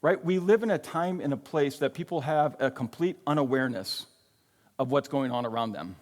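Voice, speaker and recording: A pastor with a mid-range, darkish voice speaks at a normal speed, delivering his sermon casually and sprinkling in "right?" and "like" to check in. The church sanctuary gives the recording a long, hall-like reverb.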